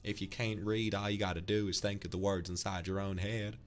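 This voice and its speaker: A man's voice: on the low side, level tone, a little fast, faint music behind. A man from the UK, streaming and casually thanking viewers for donations, affectionately calling them darling. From United Kingdom.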